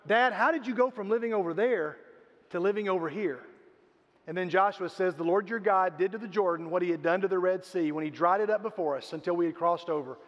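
Older pastor preaching in a reverberant hall. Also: male voice, high-pitched, brisk. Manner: storytelling, acts out quoted voices. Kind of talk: sermon. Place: church sanctuary. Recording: reverberant hall, dull lo-fi sound.

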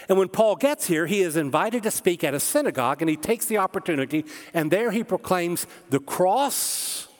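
A man preaching from the pulpit with a fairly high voice, emphatic and direct, and he often turns to his listeners with rhetorical questions. His voice carries a long reverb, as in a large church sanctuary. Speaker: pastor. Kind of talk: sermon.

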